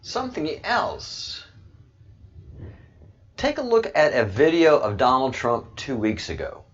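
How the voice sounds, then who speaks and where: Husky guy rambling on his livestream, voice jumps all over, dull lo-fi mic sound. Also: mid-range voice, huge pitch swings, normal speed. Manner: rambling, repetitive, jokey asides. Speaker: livestream host. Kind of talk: casual commentary livestream. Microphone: desk microphone.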